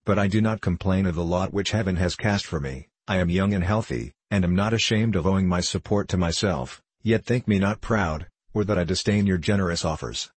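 A man reading the part of a poor, humble young man in a gentle, melancholy tone, with a husky voice. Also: sits low, a little fast, hardly any pauses, no echo.

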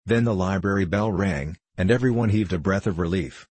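A man reading a children's storybook aloud in a measured, even narration. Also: deep voice, slightly rough, no echo. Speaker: audiobook narrator.

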